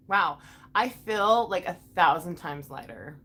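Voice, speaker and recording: A woman's voice: lowish voice, lively intonation, very slow, pauses often, a bit bright, slightly rough. A woman ranting on a casual livestream vlog, heated and profane, with many fillers and restarts, talking straight back to her viewers. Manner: talks back to viewers directly. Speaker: livestream vlogger reading chat.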